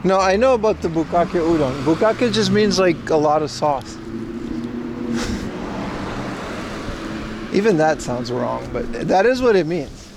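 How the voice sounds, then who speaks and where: Man, IRL streamer, slightly high voice, joking chatter to viewers, faint street noise. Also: lively intonation, slow, pauses often. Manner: chatty, joking, talks to chat. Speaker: livestreamer. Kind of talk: casual IRL stream chat. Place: outdoors on a street.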